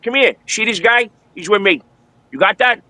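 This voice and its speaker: A man putting on the voice of a gruff, bossy, protective tough guy with a brash, commanding streetwise delivery, as he tells a story. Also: high voice, animated, normal speed, sharp tone, no room sound, voice pushed up.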